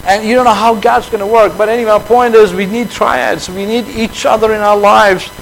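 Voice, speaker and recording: A man with a high voice delivers a conversational sermon. He drops quiet and low for reflection, then climbs high and lively as he acts out quick exchanges. A faint hum runs under the recording. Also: creaky, rough recording. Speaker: preacher.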